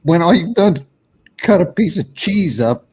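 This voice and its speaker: A man's voice: high voice, expressive, moderate pace, a little mellow, slightly rough. A man co-hosting a podcast, teasing his co-host in casual, profane banter.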